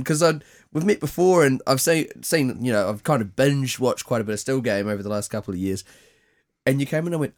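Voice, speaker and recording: Scottish man, podcast host, mid-pitched, rambling questions, casual swearing. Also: fairly quick. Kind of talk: casual chat.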